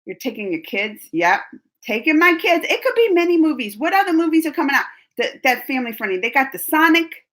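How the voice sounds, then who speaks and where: Speaking in a high voice, a little fast, a young adult woman answers her viewers' questions during a casual livestream on her channel. She comes across as lively and talkative, breaking into laughter often and restarting sentences.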